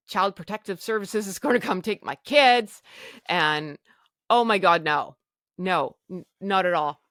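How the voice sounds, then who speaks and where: Lady, 40s-ish, telling her story on a podcast, lowish voice, dry close mic, acts out all the quotes. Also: no echo. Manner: animated retelling with quoted dialogue. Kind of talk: personal storytelling.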